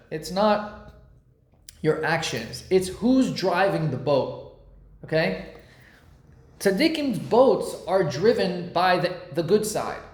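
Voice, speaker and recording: Guy teaching torah, super casual and slangy, kinda high voice, echoey room. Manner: animated, slangy, uses pop-culture comparisons.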